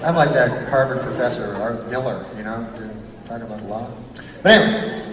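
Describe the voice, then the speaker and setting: Man, stand-up comic, rambling and profane, chuckles a lot, echoey hall, loud crowd. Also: mid-range voice, expressive, moderate pace, distant mic. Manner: rambling, profane, chuckling at his own jokes. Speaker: stand-up comedian. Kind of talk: stand-up routine.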